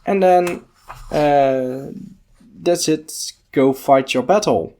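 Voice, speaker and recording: A man's voice: fairly high pitch, warm tone. A man hosting a podcast, casually walking through a book page by page and thinking aloud. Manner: unhurried, musing, thinking aloud with fillers. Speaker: podcast host.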